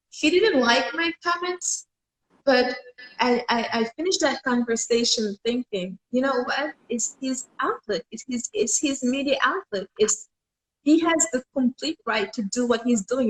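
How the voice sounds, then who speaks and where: A woman's voice: a little high, moderate pace, reverberant, low-quality recording. A young woman from Senegal speaking with conviction as an interview guest, with some fillers. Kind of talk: casual interview talk.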